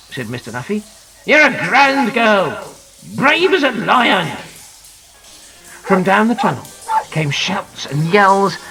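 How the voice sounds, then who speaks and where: A man narrating a children's adventure audiobook in a dramatic, very expressive way. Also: sits high, poor audio. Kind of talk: scripted storybook narration. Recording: narration over clear music.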